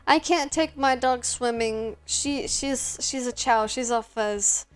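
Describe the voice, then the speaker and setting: Casual woman streamer playing a game, highish voice, faint music. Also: takes it slowly, hardly any pauses, clear, resonant tone. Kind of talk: playing and reading a dating game.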